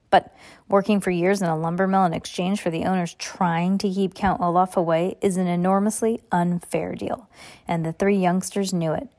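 A woman's voice: mid-range voice, darkish tone. A woman reading a chapter of a children's novel aloud, with small slips and restarts. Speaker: reader.

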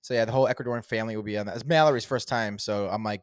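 A man's voice: on the low side, fairly even intonation, smooth, dry recording, clean studio sound. A young man co-hosting a podcast, chatting casually and telling crude, rambling stories. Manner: crude, rambling, fast storytelling. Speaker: podcast co-host. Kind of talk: casual chat.

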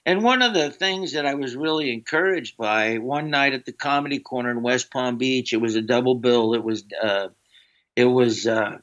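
A man's voice: mid-range voice, normal speed, a bit bright. Rambling male comedian, lo-fi sound. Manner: rambling anecdotes, slips into a drawling put-on voice for quotes. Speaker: comedian guest. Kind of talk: casual storytelling. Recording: dull lo-fi sound.

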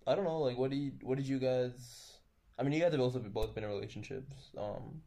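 A man's voice: medium pitch, brisk, dark tone. A young man co-hosting a podcast, chatting with friends and rambling with lots of filler words and restarts. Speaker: podcast co-host. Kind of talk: casual chat among friends.

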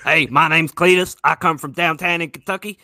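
A man voicing a boastful, rowdy Kentucky country man with a loud hollering twang. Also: on the high side, steady tone, brisk, no echo, studio quality.

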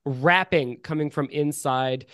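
A man's voice: fairly high pitch, slow pace, a bit bright, a little hiss or hum. A man running a tabletop game as game master, narrating scenes in a playful, easygoing way.

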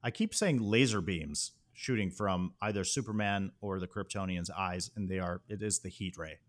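A man's voice: low-pitched, moderate pace. A man co-hosting a casual movie podcast, talking enthusiastically and agreeing with his partner. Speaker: podcast co-host. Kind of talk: casual film discussion.

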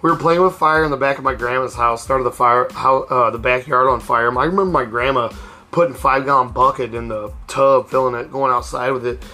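A middle-aged man hosts a laid-back storytelling podcast, talking briskly in a medium-pitched, sharp-toned voice. Candid and rambling, he restarts often while soft music plays behind him.

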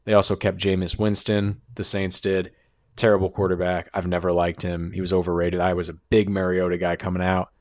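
Male sports talker, deep voice, joking and opinionated, dry close sound. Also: level tone, a little mellow, no room sound. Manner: fast riffing, joking asides, opinionated. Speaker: sports commentator. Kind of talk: casual sports talk.

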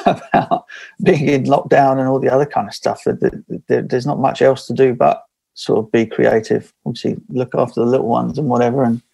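English man with a gravelly, mellow voice. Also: medium pitch. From England. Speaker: podcast guest. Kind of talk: casual interview talk.

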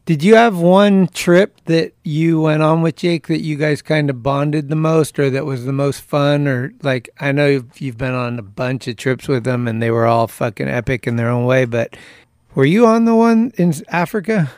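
A man hosting a casual podcast interview, relaxed, swearing and laughing as he asks questions. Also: fairly high pitch, moderate pace, dry recording, studio quality. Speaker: podcast host.

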